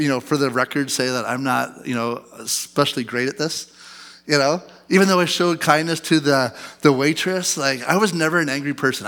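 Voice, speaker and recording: A man's voice: fairly high pitch, pushed and bright. A man in his thirties, a pastor preaching a sermon in a conversational storytelling way, often asking the congregation questions.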